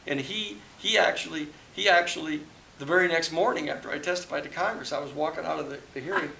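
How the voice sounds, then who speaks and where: Gravelly, bright-voiced man in an echoey hall. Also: a little high, fast. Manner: rambling storyteller, many restarts and "you know". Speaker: public interest lawyer. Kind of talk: book talk with audience Q&A. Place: hall with live audience. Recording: echoey hall, faint hiss.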